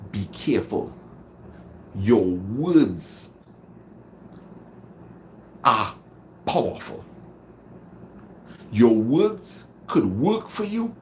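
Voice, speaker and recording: A man's voice: on the low side, very animated, drawn-out words, pauses often, a little mellow, a little hiss or hum. A man with a Trinidadian accent hosting a motivational livestream, greeting viewers and repeating phrases dramatically for emphasis. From Trinidad and Tobago. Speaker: livestream host.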